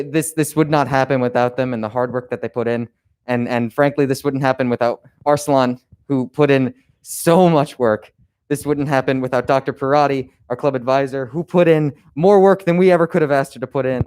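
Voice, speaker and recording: Young man, earnest halting speech. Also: medium pitch, a little mellow, clear, resonant tone. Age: young adult. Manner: halting, many restarts and fillers. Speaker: conference organizer. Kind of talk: closing ceremony speech.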